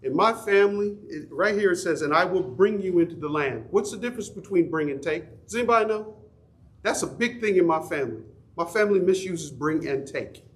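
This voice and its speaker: Middle-aged male Bible teacher with a somewhat high voice, chatty, quizzes his class. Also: expressive, brisk. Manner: conversational, folksy, asks the class questions. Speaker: Sunday school teacher. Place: church classroom.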